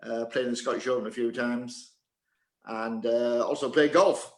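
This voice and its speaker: Echoey older Englishman reminiscing with many pauses. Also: medium pitch, steady tone. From England. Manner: hesitant, many fillers and restarts. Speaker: interview guest, former table tennis player and coach. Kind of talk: casual reminiscing in a Q&A.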